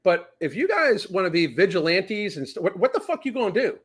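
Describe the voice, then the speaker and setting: A man's voice: sits high, sing-song, fairly quick. A man from the South, hosting a casual podcast and ranting with heavy profanity. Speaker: podcast host. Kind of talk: casual rant chat.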